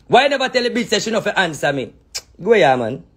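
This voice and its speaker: A Jamaican man, a spiritual reader, giving animated vlog commentary in heavy patois and cursing freely. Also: high-pitched, fast, husky.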